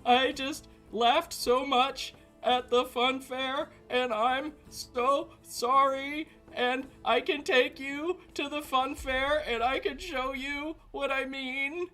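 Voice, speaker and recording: A man's voice: very high-pitched, steady tone, slow pace, few pauses, bright, forceful tone, soft background music, pitched above the performer's own voice, exaggerated voice. A man voicing a terrified eight-year-old boy who sobs and pleads for his life in a tabletop game. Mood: pleading, sobbing. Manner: sobbing, pleading.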